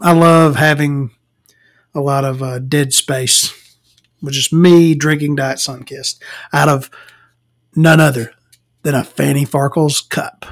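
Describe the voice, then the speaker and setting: A man's voice: a little high, steady tone, slow, long pauses. A man ranting about a movie in a rambling, sarcastic, profane way, laughing at his own jokes. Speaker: movie reviewer. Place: home recording, eating and drinking.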